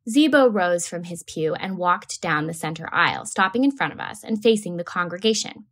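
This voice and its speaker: A woman teacher reading a novel aloud to a class with a steady, clear delivery. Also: fairly low pitch, normal speed.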